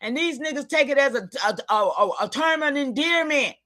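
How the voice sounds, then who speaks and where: A woman giving an impassioned, preachy livestream talk, calling out to her listeners and sometimes shouting in frustration. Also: high voice, lively intonation, normal speed. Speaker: online community leader.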